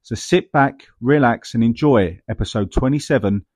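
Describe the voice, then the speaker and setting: A man's voice: medium pitch, moderate pace, darkish tone, husky, no echo. Guy doing a podcast intro, upbeat, dry close sound. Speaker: podcast host. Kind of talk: scripted intro.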